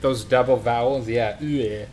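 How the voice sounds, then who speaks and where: Casual male game streamer with a Swedish accent, mid-pitched and chatty, steady noise in the background. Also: measured pace. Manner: chatty, talks to viewers and in-game characters. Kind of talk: casual live gameplay commentary.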